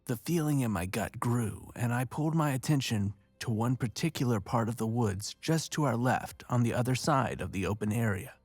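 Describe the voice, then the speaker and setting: A man narrating a first-person horror story in a measured, steady way. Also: medium pitch, husky, no echo. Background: faint music.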